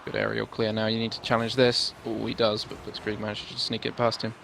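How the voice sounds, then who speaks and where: A man with an Irish accent commentating a video game match from his desk in a measured, analytical way. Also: fairly low pitch, level tone, vocal fry, fairly bright tone, a little hiss or hum. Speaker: esports commentator. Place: home desk.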